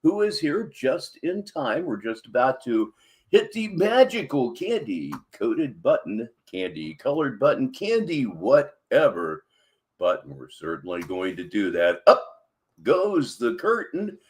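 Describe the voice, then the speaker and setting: A man's voice: medium pitch, huge pitch swings, a little slow. A man hosting a livestream, commenting with a wry, sarcastic delivery at a desk microphone. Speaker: host.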